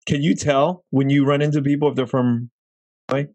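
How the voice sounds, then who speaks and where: A man's voice: mid-range voice, flat delivery, brisk, a little mellow, no echo, rough recording. Guy hosting a podcast, rambly curious questions, dry close mic. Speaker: podcast host. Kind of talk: casual interview chat.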